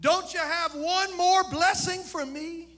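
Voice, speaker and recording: Pleading young son from Scripture, high voice, put on by a preacher. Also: male voice, fairly even intonation, slow pace, pushed and bright, exaggerated voice.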